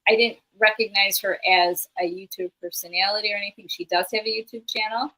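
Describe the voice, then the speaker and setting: A woman guest on a livestream, telling a story in a rambling way with many pauses. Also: mid-range voice, steady tone, sharp tone, rough recording. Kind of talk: casual chat.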